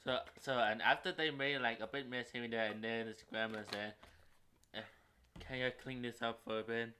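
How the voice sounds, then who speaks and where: A man's voice: medium pitch, fairly even intonation, moderate pace, bright, forceful tone, a little hiss or hum. A man co-hosting a casual movie review, chiming in with short replies and additions. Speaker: co-host of a movie review show.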